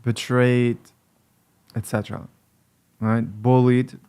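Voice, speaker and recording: A man's voice: medium pitch, little pitch movement, slow, dark tone, clear, resonant tone. A man giving blunt advice on relationships straight to camera as a coach, lecturing and repeating his points for emphasis. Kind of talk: direct-to-camera advice talk.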